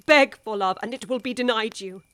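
A woman's voice: fairly high pitch, a little fast, fairly bright tone, clear, resonant tone, no echo, natural voice. An actress with an English accent playing a worldly older woman who urgently pleads with a young wife, in a radio drama. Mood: impassioned.

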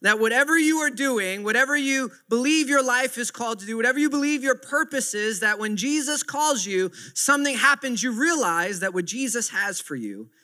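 High, bright-voiced preacher man. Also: animated, normal speed, few pauses. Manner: earnest, repetitive emphasis. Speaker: pastor. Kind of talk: sermon.

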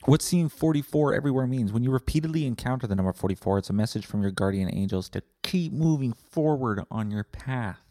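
A man's voice: medium pitch, expressive, fairly quick, hardly any pauses, warm tone, dry recording. A man hosting a podcast, ranting with sarcasm, swearing often and rambling. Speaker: podcast host. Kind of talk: comedic profane rant.

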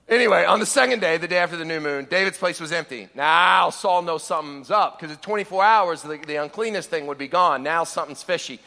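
A man preaching a sermon in an animated way, acting out scripture quotes in a raised voice and dropping low for asides. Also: fairly quick, creaky, big-room sound.

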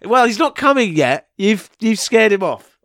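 A man from England co-hosting a comedy podcast, his voice sitting a touch high and leaping around as he teases and makes silly mock announcements. It is recorded close and dry. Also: normal speed, no room sound. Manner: teasing, silly, deadpan announcing. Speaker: podcast co-host. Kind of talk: casual comedic podcast banter.

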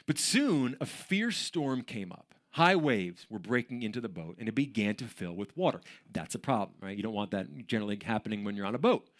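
A man's voice: lowish voice, fairly quick, hardly any pauses. A man preaching a sermon in a church auditorium, talking in a conversational, joking way and telling stories with energy. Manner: conversational and joking, with animated storytelling. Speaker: pastor.

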